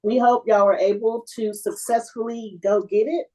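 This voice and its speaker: Woman, podcast co-host, casual chat, laid-back, joking, slightly high voice. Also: steady tone, moderate pace, mellow, poor audio.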